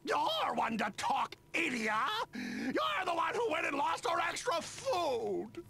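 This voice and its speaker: Play a pompous, stammering expedition boss at the very top of your range, gravelly and grating. Stay slow and swing your pitch wildly, outraged by everyone around you. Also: male voice, huge pitch swings, bright, forceful tone, raised voice, slight background noise, heavily acted. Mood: shouting. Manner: stammers, bossy and indignant. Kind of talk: video game voice acting.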